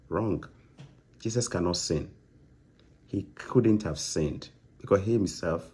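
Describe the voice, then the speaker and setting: Stern man, deep and husky. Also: unhurried, darkish tone. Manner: stern, emphatic and lecturing, with frequent repetition. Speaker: online content creator answering viewers. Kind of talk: live stream chat, reading viewer comments.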